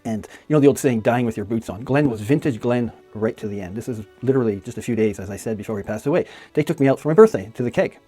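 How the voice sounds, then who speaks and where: A middle-aged man from Canada speaks quickly and warmly of a late friend, breaking into laughs as he tells one story after another. His pitch sits in an ordinary middle range, and soft music plays faintly underneath. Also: husky. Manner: fond, chatty storytelling with frequent laughs. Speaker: magician paying tribute to a late friend. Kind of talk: casual spoken memorial tribute.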